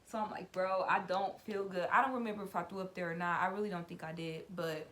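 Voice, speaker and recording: A woman's voice: lowish voice, quick pace, fairly bright tone. Chatty young woman telling a story. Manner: chatty, loose and conversational, full of "like" and "y'all". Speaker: vlogger. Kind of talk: casual story time.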